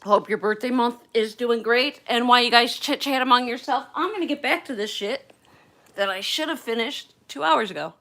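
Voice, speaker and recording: A woman's voice: a little high, normal speed, a bit bright. A woman chatting candidly on a casual livestream from her phone at home, swearing freely as she talks. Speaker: livestream host.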